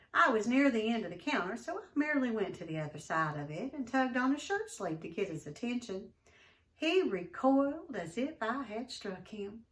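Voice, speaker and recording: A woman teacher reading a novel aloud to her class in an expressive way, pausing to ask the class questions. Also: on the high side, distant mic.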